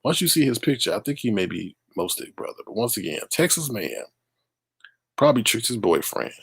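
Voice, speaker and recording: Lively middle-aged man reading news. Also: medium pitch, a little fast, slightly rough, no room sound, clean studio sound. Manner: animated, exclaiming and laughing at the story; reads news aloud and talks to the chat. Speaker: live-stream host. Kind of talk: live-stream news commentary.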